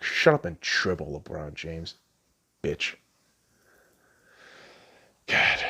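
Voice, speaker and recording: Loud, lively ranting man. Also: gravelly. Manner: swings from loud shouting to low mutters, heavy swearing. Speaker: podcast host. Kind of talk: profane sports rant.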